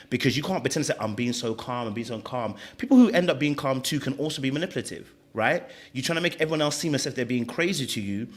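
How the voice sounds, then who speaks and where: A man talks at a fast clip as a podcast co-host. He builds his argument emphatically and doubles up on words when he presses a point. His voice sits at an ordinary middle pitch. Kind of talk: heated reality-show reaction talk.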